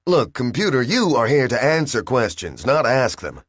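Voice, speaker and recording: A man's voice: fairly low pitch, animated, measured pace, dry recording, clean studio sound. A man voicing a hot-tempered male starship captain who snaps while trying to hold his temper. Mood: exasperated. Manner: snapping, barely controlling his temper.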